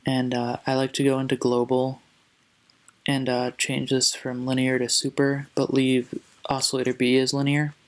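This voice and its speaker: A man giving a casual music production tutorial, relaxed and hesitant, often correcting himself as he goes. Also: mid-range voice, moderate pace, poor audio. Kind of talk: casual screen-recorded tutorial. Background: faint synth sounds.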